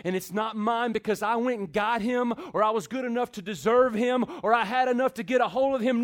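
A middle-aged man preaching a sermon, with dramatic pauses and sudden swings from hushed to loud. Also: extremely high pitch. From Texas. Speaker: pastor.

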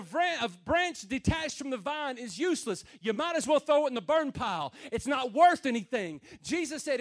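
A man preaching a sermon to a room of men, plain and folksy, rising to loud calls and dropping to low murmurs. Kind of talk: sermon to a men's gathering.

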